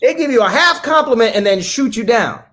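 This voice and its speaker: A man's voice: extremely high pitch, fairly quick, poor audio. A man on a video call, a comedian guest telling stories in casual comedic chat, profane and joking, slipping into put-on voices. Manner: animated storytelling with put-on voices.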